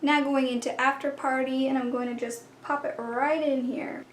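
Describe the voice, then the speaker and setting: A woman's voice: sits high, fairly even intonation, normal speed, reverberant. A young woman narrating a casual makeup tutorial at home, chatty and walking through each step. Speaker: beauty vlogger. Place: home room.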